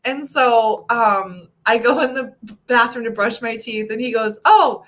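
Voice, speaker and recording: A woman from the United States, in her thirties, chatting casually as a vlogger and telling stories with lively acted-out quotes. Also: measured pace. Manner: animated storyteller, acts out quotes in a high voice. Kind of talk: casual chat.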